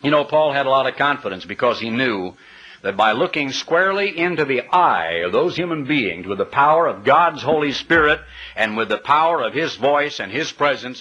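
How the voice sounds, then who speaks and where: A man's voice: medium pitch, lively intonation, normal speed, pushed and bright, breathy edge, highs cut off. A man preaching a sermon, emphatic and full of rhetorical questions, sometimes spelling words out letter by letter.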